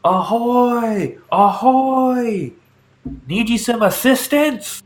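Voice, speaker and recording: A man's voice: mid-range voice, animated, moderate pace, close to an everyday voice. A man voicing a weathered, middle-aged fisherman who hollers out to strangers in the water. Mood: hailing. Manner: hollering calls across the water.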